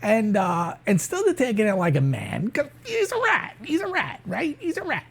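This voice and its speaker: A woman's voice: fairly high pitch, wildly swooping pitch, normal speed, creaky, husky, pitched above the performer's own voice, full character voice. A woman voicing a callous street hitman who tells a killing story in a rambling, chatty improvised comic monologue. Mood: gleeful. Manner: rambling, chatty, full of fillers and asides.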